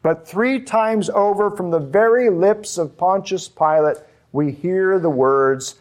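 Male preacher, measured unhurried delivery, emphatic repetition, sermon style. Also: high voice. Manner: slow, emphatic preaching with repeated phrases. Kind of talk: expository sermon.

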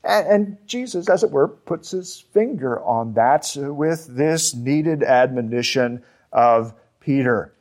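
A man preaching a sermon, slow and emphatic, with deliberate pauses on key words. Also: fairly high pitch, animated, a little mellow. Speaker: pastor.

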